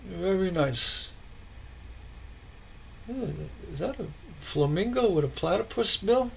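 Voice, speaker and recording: A man's voice: high-pitched, expressive, takes it slowly, vocal fry, a little hiss or hum, low-quality recording. A man hosting a casual stained glass livestream, rambling and chuckling as he reacts to viewers' posts, often stammering and repeating words.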